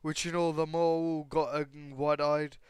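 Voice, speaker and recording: A man's voice: fairly high pitch, little pitch movement, measured pace, smooth, no echo. A young man improvising a fan story, rambling with constant fillers, restarts and casual swearing.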